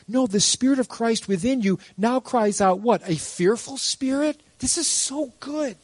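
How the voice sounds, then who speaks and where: Animated pastor preaching, man. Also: very high voice, measured pace, few pauses, no room sound. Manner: animated, asks the congregation rhetorical questions; playful asides and jokes. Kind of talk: sermon.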